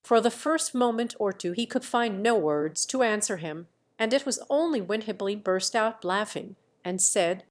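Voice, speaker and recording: A woman narrating a classic novel in a measured, deliberate reading. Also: medium pitch, lively intonation. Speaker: audiobook narrator.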